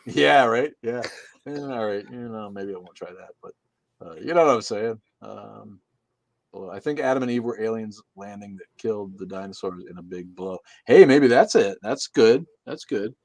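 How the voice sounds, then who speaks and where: A man's voice: fairly low pitch, normal speed, darkish tone, no echo. A man co-hosting a casual livestream, reading out chat comments with loose, profane jokes.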